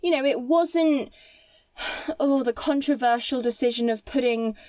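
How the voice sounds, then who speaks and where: A woman with a high voice talks films on a casual podcast, keen and quick to retell scenes. The sound is dry and close, with no room around it. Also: a little mellow, no room sound. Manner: enthusiastic, retells scenes with quoted lines. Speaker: podcast co-host. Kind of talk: casual film chat.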